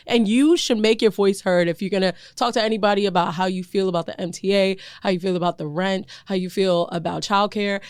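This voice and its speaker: A woman in her thirties co-hosting a podcast, talking in an animated, emphatic way, repeating her points and laughing often. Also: mid-range voice, clean tone, no room sound, clean studio sound. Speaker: podcast co-host. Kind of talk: casual chat.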